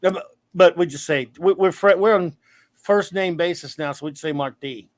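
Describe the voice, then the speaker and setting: High-voiced man hosting a casual stream. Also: normal speed, no room sound. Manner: rambling, playful, self-mocking. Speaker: livestream show host. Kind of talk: casual chat.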